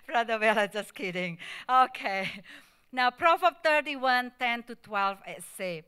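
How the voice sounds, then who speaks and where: Bright clear woman preaching emotionally. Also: medium pitch, expressive, normal speed. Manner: emotional storytelling with non-native English; acts out quoted voices in the story. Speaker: guest speaker at church. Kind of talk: Mother's Day sermon. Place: church.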